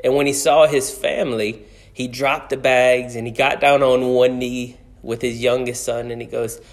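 A man's voice: mid-range voice, steady tone, moderate pace. A man preaching a conversational sermon as pastor, telling stories and repeating key phrases for emphasis.

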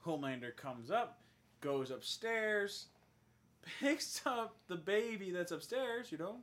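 A podcast host with a fairly high, bright voice recaps a show for his friends. He storytells animatedly and drops into quoted lines with big swings in pitch. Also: expressive, slow. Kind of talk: casual chat recapping a show.

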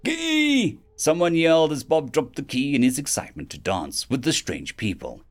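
A man reading a fantasy web novel aloud as an audiobook narrator, expressive and quick to shift into character voices. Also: mid-range voice, husky.

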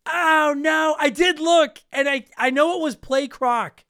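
A man's voice: extremely high pitch, measured pace, pushed and bright, dry recording, studio quality. A man hosting a gaming podcast, reading listener comments with a profane, sarcastic, laughing manner. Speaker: podcast host.

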